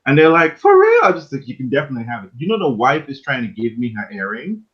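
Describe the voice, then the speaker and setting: A man's voice: medium pitch, quick pace, muffled recording. A man co-hosting a casual podcast, telling a story with lots of swearing and acting out the quoted lines. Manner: animated storytelling, profane, acts out quoted dialogue. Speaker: podcast co-host. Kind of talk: casual chat.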